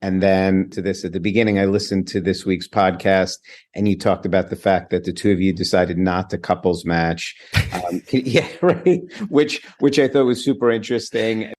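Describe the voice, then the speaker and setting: A man's voice: low-pitched, normal speed, darkish tone. A man hosting a podcast interview, asking questions and reacting with open enthusiasm. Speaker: podcast host. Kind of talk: casual interview.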